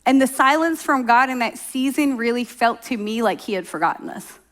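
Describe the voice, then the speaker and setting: A woman's voice: a little high, lively intonation, normal speed. A middle-aged woman from Oklahoma preaching a sermon in a conversational, storytelling way, acting out quoted voices. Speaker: pastor.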